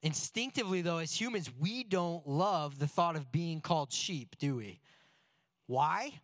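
A man's voice: on the high side, expressive, measured pace, a bit bright, no room sound. Chatty preacher man, dry sound. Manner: conversational and joking, with rhetorical questions. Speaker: pastor. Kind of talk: sermon.

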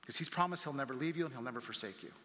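A male pastor preaching a conversational sermon, acting out the voices of critics and climbing higher and louder as he gets animated. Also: racing. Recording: long reverb from a large room.

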